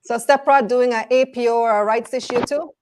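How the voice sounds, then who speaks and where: A woman hosting a live finance show, briskly moving the talk from one guest and topic to the next. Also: fairly high pitch, fairly even intonation, darkish tone, slight background noise. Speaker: host.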